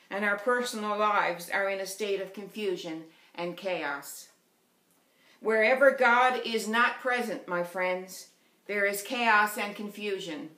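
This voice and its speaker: A woman's voice: medium pitch, fairly bright tone. A woman with a Newfoundland accent, delivering an earnest sermon as a lay preacher and telling a story to the congregation. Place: church. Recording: roomy church echo.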